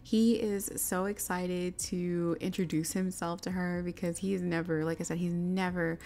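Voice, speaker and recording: A woman's voice: on the low side, flat delivery, moderate pace, mellow. A young woman casually narrating her life-sim game play, chatty and often laughing. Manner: chatty, giggly, bubbly.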